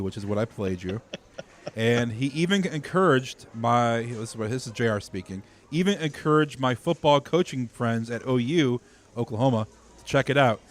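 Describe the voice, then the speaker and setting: Hesitant man, podcast cohost. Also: medium pitch. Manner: hesitant, filler-heavy, reads out comments. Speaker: podcast co-host. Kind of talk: casual chat.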